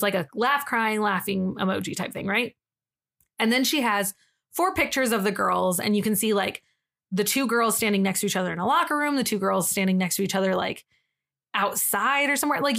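A woman's voice: medium pitch, gravelly, fairly bright tone. A woman co-hosting a podcast, telling a story in casual chat with frequent fillers and giggles. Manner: chatty and giggly, with many "like" fillers. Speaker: podcast co-host.

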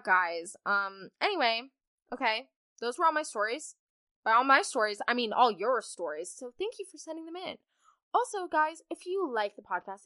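Bubbly, lively young woman podcast host. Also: on the high side, dry recording, clean studio sound. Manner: bubbly, chatty, rambling with many asides. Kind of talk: casual storytime chat.

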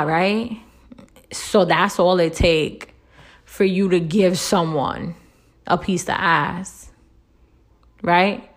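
A woman's voice: drawn-out words, long pauses. Blunt woman with constant rhetorical "right?". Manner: blunt and profane, tags nearly every point with a rhetorical "right?"; lively, swoops up high when making a point. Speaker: relationship advice vlogger. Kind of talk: casual monologue.

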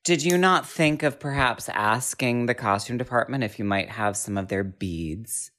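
Casting: playful man, mid-pitched, easygoing banter. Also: moderate pace, sharp tone. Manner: playful, joking, doing mock accents. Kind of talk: casual chat.

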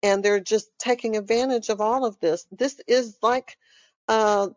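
A woman's voice: on the high side, fairly even intonation, measured pace, dry recording. Texan woman, podcast host, rambling emphatic solo talk, dead-dry room. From Texas. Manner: rambling, emphatic, with frequent fillers.

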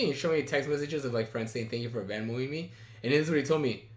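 A young man telling a story in casual chat, animated, swearing freely and acting out the people in it. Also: mid-range voice, fast talker, roomy sound. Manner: animated storyteller, swears a lot, acts out quoted voices.

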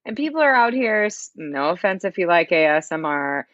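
A woman co-hosting a podcast in casual chat, animated and emphatic, laughing often. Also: fairly low pitch, normal speed, no room sound. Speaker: podcast co-host. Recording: slightly dull dry mic.

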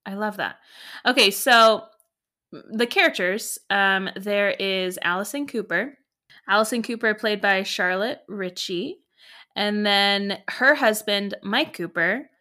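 A woman's voice: mid-range voice, slow, pushed and bright. A woman co-hosting a podcast, chatting casually with many fillers and reading show blurbs aloud. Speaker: podcast co-host. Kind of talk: casual chat.

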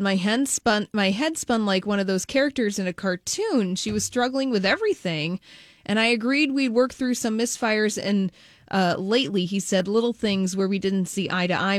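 Woman, gossip show co-host, lively storytelling, dry close voice. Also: mid-range voice, normal speed, no echo. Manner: lively storyteller, reads out news items. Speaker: podcast co-host. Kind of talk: casual celebrity gossip chat.

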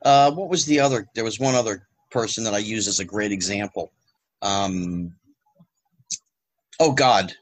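A man talking as a podcast guest, animated and rhetorical with exasperated asides. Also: lowish voice, normal speed, long pauses. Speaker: guest, former child actor. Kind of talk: casual podcast conversation.

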